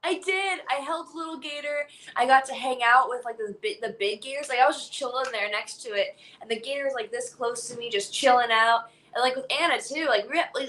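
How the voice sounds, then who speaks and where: High, bright bubbly woman guest. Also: poor audio. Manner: bubbly, filler-heavy storytelling. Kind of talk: casual livestream chat.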